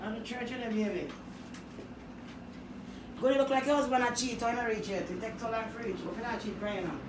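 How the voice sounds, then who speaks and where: Loud joking woman, echoey room. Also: fairly high pitch, a little fast. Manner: loud, joking, swears a lot, trails off into mutters. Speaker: vlogger. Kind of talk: casual rambling monologue. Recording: echoey room, noisy background.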